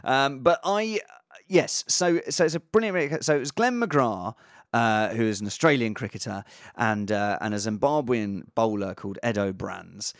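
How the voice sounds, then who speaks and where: A man's voice: medium pitch, moderate pace, dry recording, clean studio sound. A man, a comedian on a podcast, telling an anecdote in casual chat with hesitant starts and laughter. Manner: hesitant starts, laughs at his own story.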